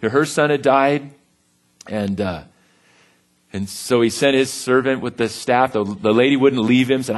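A man preaching a sermon in a relaxed, conversational way, with humor and quick acted-out voices. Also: mid-range voice. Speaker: pastor.

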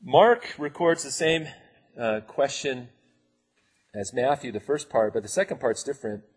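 A man's voice: medium pitch, lively intonation, measured pace, breathy edge. A man preaching a conversational sermon, acting out the quoted voices and laughing now and then.

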